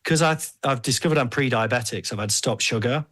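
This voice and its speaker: A man hosting a podcast, chatting casually in an animated, rambling, jokey way. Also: mid-range voice, quick pace. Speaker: podcast host.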